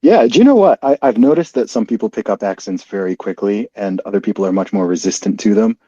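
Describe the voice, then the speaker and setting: A low-voiced man with an American accent answers questions in an easygoing way and laughs often. His tone is dark and warm. The muffled, lo-fi sound is dry and close. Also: fast talker, slightly rough, dry recording. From Saudi Arabia. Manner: relaxed, laughs easily, fillers. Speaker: guest. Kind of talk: casual conversation. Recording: muffled lo-fi audio.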